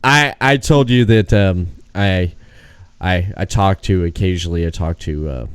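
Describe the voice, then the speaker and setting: A man's voice: sits low, a little slow, slight background noise. A man hosting a podcast, telling rambling anecdotes full of restarts in a casual chat. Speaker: podcast host.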